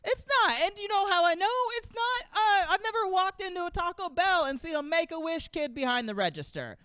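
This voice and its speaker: A man's voice: very high voice, lively intonation, a little fast, sharp tone. A stand-up comedian from the American South, rambling through a set and laughing at his own jokes in a small streaming studio.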